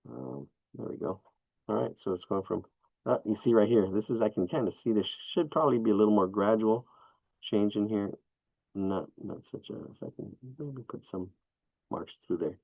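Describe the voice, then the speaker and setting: A man's voice: on the low side, moderate pace, gravelly, no room sound, low-quality recording. A man teaching a live drawing lesson, talking casually to his students as he sketches and shades. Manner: relaxed, talks while sketching, coaching asides.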